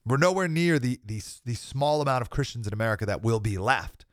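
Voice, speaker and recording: With a medium-pitched voice and a brisk pace, a young man preaches earnestly and emphatically on his podcast, slipping in laughs between points. He sounds a little under the weather with a cold, and the studio-quality recording has no echo.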